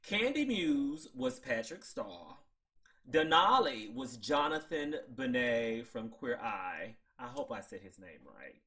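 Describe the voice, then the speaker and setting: A man hosting a casual TV recap, excitable and chatty, laughing at his own jokes. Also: mid-range voice, takes it slowly. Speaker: show host.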